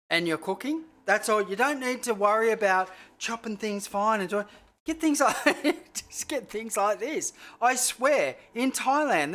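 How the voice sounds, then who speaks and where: Chef host, casual livestream cooking chat, rambling, a bit sweary, middle-pitched voice. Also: a bit bright. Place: home kitchen.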